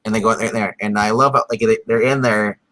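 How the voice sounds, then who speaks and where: Bright-voiced man rambling through a recap. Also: on the low side, quick pace, no echo, low-quality recording. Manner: rambling, filler-heavy, acts out characters' lines in animated bursts. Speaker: podcast co-host recapping a TV episode. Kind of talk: casual chat.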